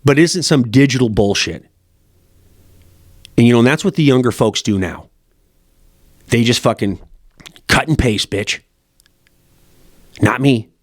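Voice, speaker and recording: A man's voice: medium pitch, a little slow, pauses often, no echo, studio quality. A middle-aged man who runs a fly shop, talking in a blunt, profane, rambling way. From Montana, USA. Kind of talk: casual rambling monologue.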